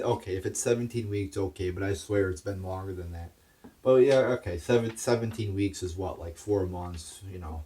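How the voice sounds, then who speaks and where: A man's voice: low-pitched, darkish tone, distant mic, a little hiss or hum. A man giving a casual, profane, exasperated review of a wrestling show, stumbling and restarting as he rants.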